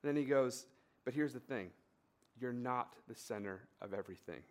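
A man's voice: mid-range voice, normal speed. A man preaching in an easygoing, conversational way, slipping into anecdotes with casual fillers. He builds to points through repeated, rhythmic phrases. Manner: relaxed storytelling with fillers and emphatic repetition. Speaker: pastor. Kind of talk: conversational sermon with personal story.

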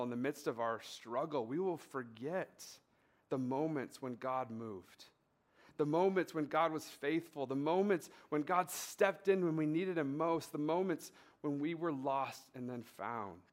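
A man's voice: fairly high pitch, measured pace. A man preaching in an easygoing, conversational way, slipping into anecdotes with casual fillers. He builds to points through repeated, rhythmic phrases. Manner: relaxed storytelling with fillers and emphatic repetition. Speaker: pastor. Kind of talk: conversational sermon with personal story.

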